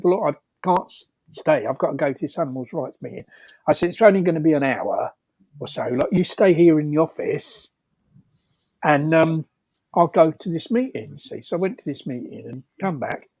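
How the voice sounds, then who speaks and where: Chuckling older man, husky. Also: a little high, dry recording. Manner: chuckling, lively, rambling. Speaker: guest. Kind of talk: anecdotal storytelling.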